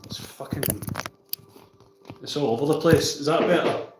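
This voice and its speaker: A man's voice: a little high, steady tone, normal speed, roomy sound, in a whisper, low-quality recording. A Scottish man chatting casually with viewers on a livestream, reading out and answering their comments.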